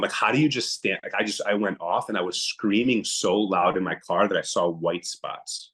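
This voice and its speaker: A man's voice: lowish voice, fairly quick, hardly any pauses, a bit bright. A young adult man, a podcast guest, telling an emotional personal story in a blunt, emphatic way and often quoting himself.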